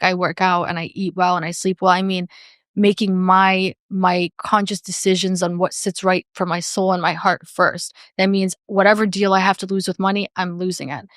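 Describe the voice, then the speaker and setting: A woman's voice: medium pitch, fairly bright tone. A woman talks in candid podcast conversation, earnest and reflective, leaning on "like" as she goes. Her voice sits in a middle register and comes across dry, with no room echo. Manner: earnest and reflective, many "like" fillers. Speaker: podcast guest.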